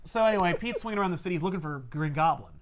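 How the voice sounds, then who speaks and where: A man co-hosting a podcast, recapping a story in an animated, joking way. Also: high-pitched, very fast, slight background noise. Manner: animated, joking, laughs often.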